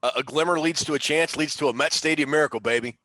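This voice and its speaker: A man co-hosts a casual sports podcast, walking through old game plays in detail. His voice is bright and forceful, set a bit high, on a dry, close recording. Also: fast, no echo, low-quality recording. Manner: recounts plays in detail, with many restarts. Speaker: podcast co-host.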